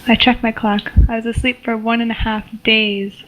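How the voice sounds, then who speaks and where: Young woman, story reader, high pitch, flat monotone, stumbling delivery. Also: normal speed, rough recording. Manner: flat, stumbling reading with giggles. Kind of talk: reading a homemade story aloud.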